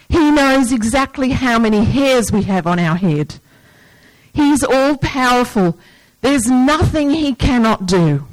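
A woman preaching slowly and earnestly, her voice sitting a little high. The sound is dry and close, with no room around it. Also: no echo, poor audio. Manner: earnest, breaks into lively movie-yelling asides. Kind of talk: sermon.

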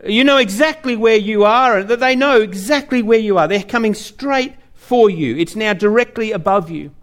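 A man's voice: high voice, normal speed. A male preacher, giving an earnest sermon full of vivid storytelling.

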